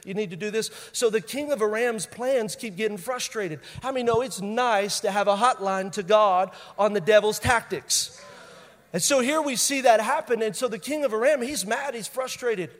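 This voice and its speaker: A man with a high voice delivers a sermon as a pastor, and his voice rings with the long reverb of a large hall. He hammers home his points by repeating them. He swings from loud bursts to hushed intensity. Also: normal speed. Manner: emphatic, repeats key phrases for effect.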